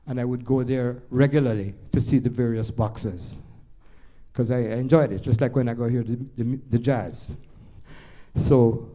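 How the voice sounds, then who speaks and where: Speaking at normal speed with a medium-pitched voice, this older Jamaican-accented jazz pianist spins meandering, animated tales for a live audience, often backing up and starting sentences over.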